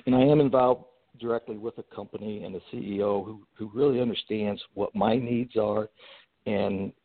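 A man, a guest on a podcast interview, telling a long personal story in an animated way, with fillers and restarts. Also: fairly low pitch, normal speed. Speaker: guest entrepreneur. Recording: tinny phone-like line.

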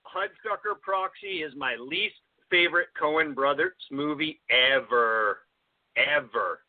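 A man's voice: fairly high pitch, takes it slowly, no echo. Guy rambling about movies w lots of ums, dry thin lo-fi sound like a phone call. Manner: rambling, hesitant, many fillers. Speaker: podcast co-host. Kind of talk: casual film chat.

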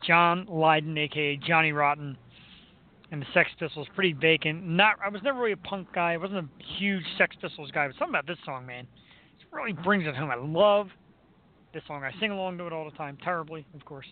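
A man hosting a casual chat about music, goofy and quick to break into silly imitations. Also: on the high side. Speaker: podcast host. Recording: tinny phone-line sound.

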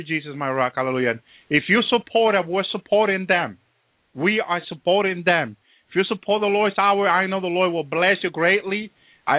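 The audio is thin and phone-like, with no echo, carrying a high-voiced man delivering a sermon. He repeats himself as he goes and punctuates almost every line with "hallelujah" or "praise Jesus."

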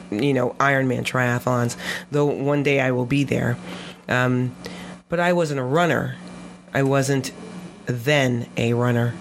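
Low-voiced woman telling animated stories. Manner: animated, laughs often while telling stories; repeats phrases for emphasis. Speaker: guest photographer and filmmaker. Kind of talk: conversational storytelling.

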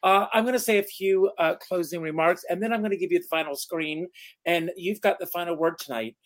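A man's voice: high voice, fairly quick. A man hosting an interview over a video call, enthusiastic and affirming. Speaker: host. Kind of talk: interview host.

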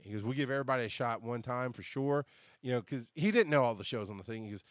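A man hosting his own podcast, telling a personal story in a loose, conversational way. He swears freely, swings from loud bursts to quiet asides, and laughs at himself. His voice sits at a middling pitch and sounds dry and close. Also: quick pace, dry recording. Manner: animated, profane, laughs at himself. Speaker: podcast host. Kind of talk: casual storytelling monologue.

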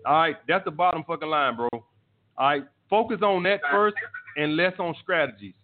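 A man's voice: on the high side, normal speed. Profane, blunt man on a tinny line. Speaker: dating advice host. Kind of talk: live call-in show, answering listener messages.

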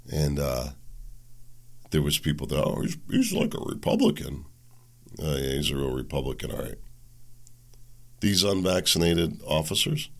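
Gravelly low-voiced man ranting. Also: fairly bright tone. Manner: indignant, ranting, sarcastic. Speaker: podcast host. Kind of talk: political commentary monologue.

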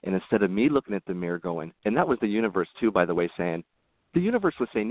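A man's voice: on the low side, sing-song, quick pace, dry recording. A man talking as a podcast guest, telling personal stories in a rambling, earnest way with frequent restarts. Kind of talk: casual interview storytelling. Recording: tinny phone-like line, dry.

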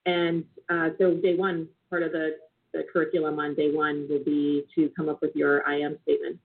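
Low husky-voiced woman coach, calm and measured, phone line sound. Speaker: co-host, entrepreneur coach. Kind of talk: casual motivational chat.

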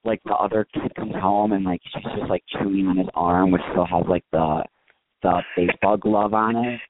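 A man chatting casually as a podcast host, animated and rambling with many fillers. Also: low-pitched, normal speed. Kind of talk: casual chat. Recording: tinny phone line with faint hiss.

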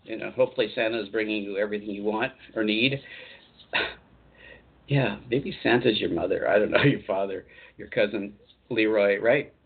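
A man's voice: lowish voice, normal speed, breathy edge. A man hosting a call-in radio show, talking in a rambling, chatty way and laughing easily. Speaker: radio show host and channeler. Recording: tinny phone-line sound.

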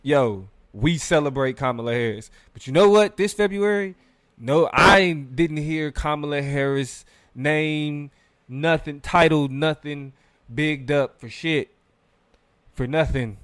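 A man's voice: fairly high pitch, fairly even intonation, slow pace, a bit bright, clear, resonant tone, dry recording, studio quality. A man co-hosting a live talk show, talking loosely and animatedly with many fillers. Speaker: podcast co-host. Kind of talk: casual live-show discussion.

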